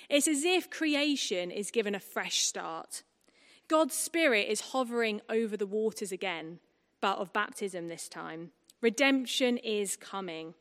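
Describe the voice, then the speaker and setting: A woman preaching a sermon at a baptism service, conversational and lively, with humorous asides to the congregation. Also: medium pitch. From England. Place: church hall. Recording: long hall reverb.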